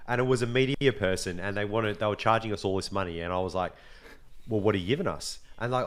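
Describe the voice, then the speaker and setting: A young adult man with an Australian accent, hosting a casual podcast chat, animated and swearing freely, with a slight cold. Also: lowish voice, brisk. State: has a cold. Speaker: podcast host.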